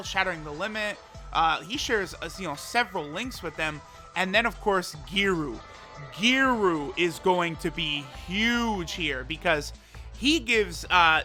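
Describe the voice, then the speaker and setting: Bright, high-voiced man chatting about a game. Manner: chatty, tosses in "right?" and "you know" often. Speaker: gaming YouTuber. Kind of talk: casual gameplay commentary.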